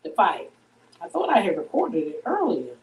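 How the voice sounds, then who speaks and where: A woman's voice: on the low side, huge pitch swings, normal speed, darkish tone, recorded from a distance, low-quality recording. A middle-aged woman hosting a casual live stream from her kitchen while she cooks. She talks bluntly, heatedly and with plenty of profanity. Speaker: livestream host. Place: home kitchen, cooking. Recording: voice a bit off-mic.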